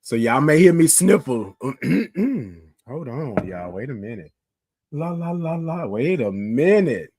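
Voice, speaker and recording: Man in his fifties, hoarse from a cough, scratchy voice, chatty live-stream host, dry close sound. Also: mid-range voice, big pitch swings, takes it slowly, darkish tone, dry recording. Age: 50s. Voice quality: rough, scratchy voice. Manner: chatty, greets viewers by name, calls them y'all. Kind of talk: casual morning live-stream chat.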